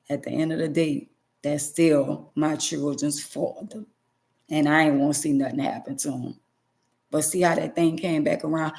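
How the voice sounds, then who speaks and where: A woman's voice: low-pitched, flat delivery, moderate pace, gravelly, a little mellow. A middle-aged woman vlogger giving an emotional personal testimony to her viewers, emphatic and preachy, repeating phrases for stress.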